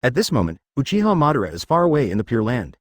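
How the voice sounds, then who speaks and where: A man's synthetic voice narrating a web novel, reading everything in an even, machine-like way. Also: mid-range voice, fast talker, dry recording, studio quality. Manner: flat synthetic reading, reads markup aloud.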